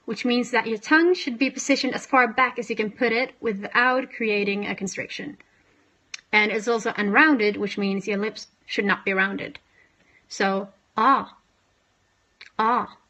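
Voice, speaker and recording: A young woman giving a casual, self-deprecating pronunciation lesson, slowing down to demonstrate sounds. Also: a little high, fairly bright tone. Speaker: language teacher.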